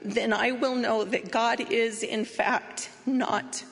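Woman sharing her story, earnest and measured, gravelly edge, big hall echo. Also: on the high side, fairly even intonation. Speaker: speaker sharing a personal story. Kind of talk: personal testimony talk.

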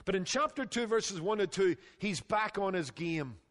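A male pastor preaching a sermon with emphatic delivery that drops low and quiet on key phrases. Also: expressive, normal speed, long reverb tail.

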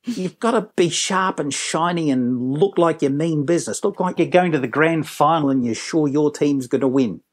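A man's voice: on the high side, moderate pace. An enthusiastic man, a business trainer telling jokey stories as an interview guest. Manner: enthusiastic, jokey, puts on voices.

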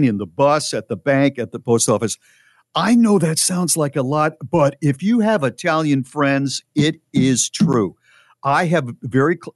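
A man's voice: medium pitch, no echo, clean studio sound. A man co-hosting a radio show, chatting casually and reading out listener posts with his own asides. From United States.

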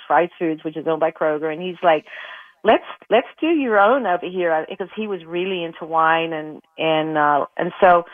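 A woman's voice: low voice, dry recording. A middle-aged woman, a retired golfer telling her story as an interview guest, rambling with many restarts and getting emotional. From Australia. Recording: tinny dry phone line.

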